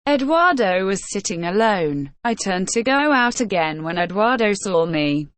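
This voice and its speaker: A woman's voice: medium pitch, sing-song, unhurried, no echo. A woman reading a first-person story aloud at a careful pace meant for learners of English. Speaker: audiobook reader. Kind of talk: scripted first-person narration of a graded reader.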